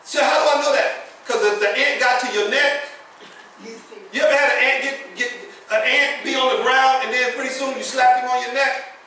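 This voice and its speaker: A man's voice: very high voice, steady tone, normal speed, sharp tone, a little hiss or hum. A man preaching a sermon to his congregation, telling a folksy story and laughing at his own jokes. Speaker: pastor. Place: church sanctuary. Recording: echoey church hall, picked up from a distance.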